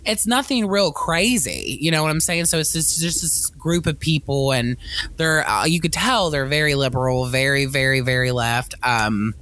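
A man's voice: on the high side, moderate pace, bright, forceful tone. A man co-hosting a casual movie-review podcast, rambling with many fillers and restarts, swearing freely and acting out scenes. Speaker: podcast co-host.

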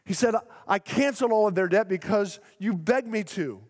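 A male pastor preaching a sermon in a church, emphatic and slowing down to stretch out key words. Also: sits high, a little mellow. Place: church sanctuary. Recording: long hall reverb in a large sanctuary.

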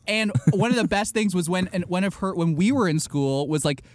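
A man in his forties telling a story in casual chat, animated, laughing often and acting out other people's voices. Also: sits high, fairly quick.

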